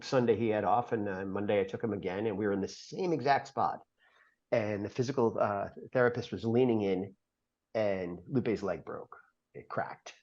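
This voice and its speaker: A middle-aged man, a podcast guest, telling a long personal story in an earnest, halting way with many fillers. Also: fairly low pitch, a little mellow. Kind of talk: storytelling interview. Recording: dull lo-fi podcast audio.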